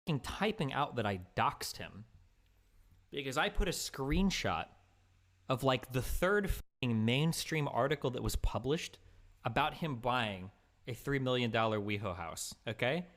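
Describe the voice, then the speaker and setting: A man's voice: mid-range voice, lively intonation, a little slow, fairly bright tone. A man streaming live, commenting casually and with plenty of swearing, exasperated and rambling.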